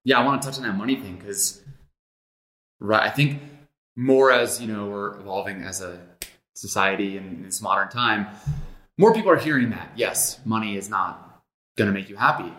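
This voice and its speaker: A man speaks reflectively on a casual podcast, drawing on his own life, with fillers along the way. His voice is on the low side. The room around him is echoey. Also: moderate pace, pauses often, bright, forceful tone. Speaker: podcast co-host.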